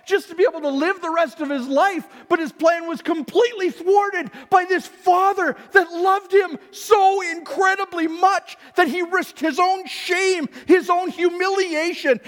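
A man's voice: very high voice, steady tone, measured pace, few pauses. Impassioned male preacher in a big hall. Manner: impassioned, swings between shouting and quiet. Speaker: pastor. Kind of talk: sermon. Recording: long hall reverb.

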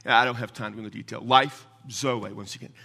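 A man preaching a sermon as a pastor, emphatic and quick with asides, asking his listeners questions and answering them himself. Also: medium pitch, steady tone, creaky. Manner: emphatic, call-and-response questions; rapid asides, voice swings from loud to hushed.

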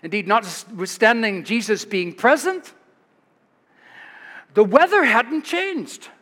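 American male pastor, high-pitched, animated storytelling sermon, church reverb. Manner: animated, chuckling storyteller, rises in pitch for dramatic moments. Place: church sanctuary.

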